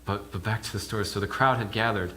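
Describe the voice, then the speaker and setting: A man, a minister, telling a sermon in character as a first-person eyewitness, halting and repeating words as he goes. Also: fairly low pitch, bright, forceful tone, slight background noise. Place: church.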